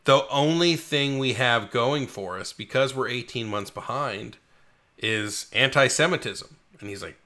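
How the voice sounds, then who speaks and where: A man co-hosting a podcast, chatting casually about a film and acting out its scenes with lively voice jumps. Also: moderate pace, few pauses. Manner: animated retelling of scenes, acting out characters with big pitch jumps. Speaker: podcast co-host. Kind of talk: casual movie review chat.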